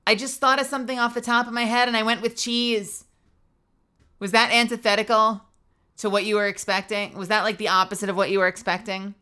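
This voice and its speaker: A woman's voice: mid-range voice, level tone, brisk, sharp tone, smooth. A woman livestreamer chatting casually, playful and self-deprecating, joking and swearing freely. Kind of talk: casual live-stream chat.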